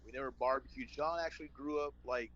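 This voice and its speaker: A man's voice: medium pitch, fairly even intonation, quick pace, a bit bright, highs cut off, slight background noise. A man from San Antonio, a former wrestler and podcast guest, telling a story casually and acting out the phone calls in it. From San Antonio, Texas.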